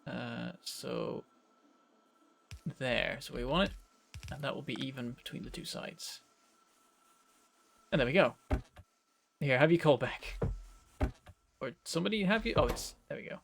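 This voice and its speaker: A man from northern England with a softened northern English accent, rambling and chatty as he streams a game. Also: medium pitch, unhurried, gravelly, pauses often, slight background noise. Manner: rambling, chatty, self-correcting. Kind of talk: casual live-stream game commentary.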